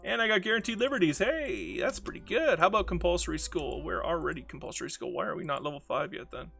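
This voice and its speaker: A man's voice: high voice, expressive, fast talker, vocal fry, bright, forceful tone, faint music behind. A man casually commenting on a strategy game while streaming, rambling, mocking himself and reading chat messages aloud.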